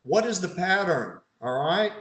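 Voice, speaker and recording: A man's voice: high voice, animated, measured pace, fairly bright tone. A man, a pathologist, leads an online case conference over slides, quizzing his audience and adding dry, sarcastic asides. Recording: roomy echo.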